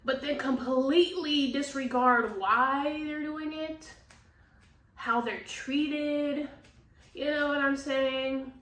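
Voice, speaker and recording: A high-pitched woman chats her way through a tarot reading, blunt and profane, laughing as she goes. She sounds a little off-mic in a roomy, echoing space with a faint hiss underneath. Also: fairly even intonation, slow, fairly bright tone. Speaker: tarot reader. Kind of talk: casual tarot reading chat. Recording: echoey room, distant mic, faint noise.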